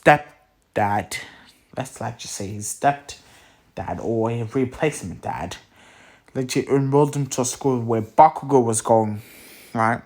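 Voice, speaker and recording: Tired guy slowly rambling thru a fan story, tons of "like"s, mid voice. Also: medium pitch. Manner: rambling, filler-heavy, many "like"s and restarts. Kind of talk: casual retelling of a fan story.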